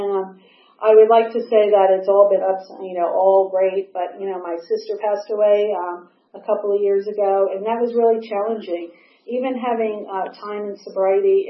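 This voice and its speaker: A woman telling her recovery story to a group in a candid, wry, animated way, acting out bits of conversation. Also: medium pitch. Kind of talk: personal testimony at a recovery meeting. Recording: echoey room, dull lo-fi sound.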